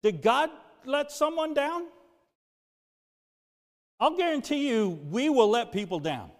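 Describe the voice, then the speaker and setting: A pastor preaching a sermon, moving from loud, emphatic lines to low, quiet confession. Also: male voice, very animated, takes it slowly, long pauses. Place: church sanctuary. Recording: music and long reverb of a church hall.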